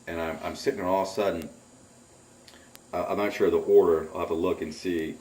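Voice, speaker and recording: A man's voice: low-pitched, fairly even intonation, brisk, a little mellow, roomy sound, slight background noise. A middle-aged man telling his own story in an interview, acting out his own alarmed, cursing exclamations. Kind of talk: animated first-person storytelling. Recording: voice picked up from a distance.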